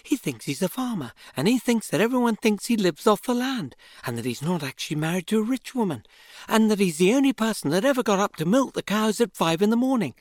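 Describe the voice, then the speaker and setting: Brief: woman narrator, husky, swooping lively pitch, wry first-person reading. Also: a little fast. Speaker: reader.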